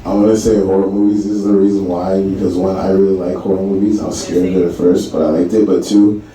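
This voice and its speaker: A man's voice: sits low, level tone, fast, dark tone, distant mic, slight background noise. A young man, a comedian guest, telling funny stories, acting out voices and swearing freely, often laughing. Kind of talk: animated storytelling. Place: live show venue. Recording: roomy live room with chattering crowd from afar.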